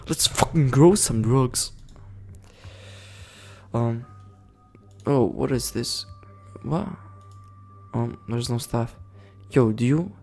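A man chatting through a video game in loose, rambling commentary. He giggles often and swears freely, in a voice of ordinary middle pitch. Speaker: gaming video creator.

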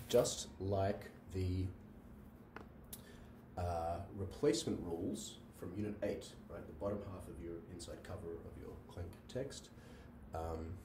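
A man whose voice sits low gives a university logic lecture over a noisy background, going through examples and asking "right?" between fillers. The recording sounds roomy and distant, with faint ambience.

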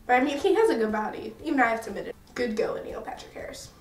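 A woman's voice: fairly high pitch, expressive, quick pace, recorded from a distance, soft background music. A young American woman vlogging in a casual, rambling and self-mocking way. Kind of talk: casual chatty review. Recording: echoey room, a bit off-mic.

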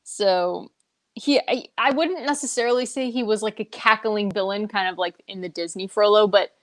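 A woman's voice: mid-range voice, moderate pace, dry recording. A woman hosting a casual book discussion, chatty and laughing often between her points.

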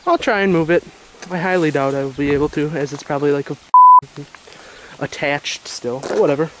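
A man's voice: a little high, fairly quick, very noisy. A man filming himself outdoors at a rural shooting range, rambling casually in a sarcastic, self-mocking way. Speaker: vlogger. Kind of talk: casual self-filmed vlog.

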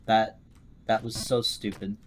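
A man's voice: lowish voice, level tone, unhurried, a little hiss or hum. A man streaming a video game, chatting casually to himself and his viewers in a jokey way. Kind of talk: casual gameplay commentary.

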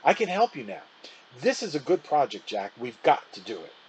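An eager, excitable young boy chatters quickly, as a man reading a storybook puts him on. His pitch jumps around a lot as he talks. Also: slight background noise, lightly acted, low-quality recording. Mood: insistent.

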